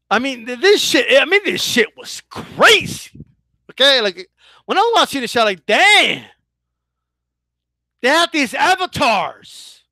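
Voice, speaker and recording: Lively, bright-voiced man ranting about boxing. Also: very high voice, dry recording. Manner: profane, keeps asking the viewers "right?"; animated, stumbling restarts. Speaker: boxing commentator. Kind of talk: casual opinion rant.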